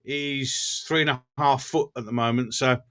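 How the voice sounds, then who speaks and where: With a steady tone and a fairly bright mid-range voice, a Black Country man hosts a casual livestream at a measured pace. Reading through comments, he banters with his viewers and laughs frequently.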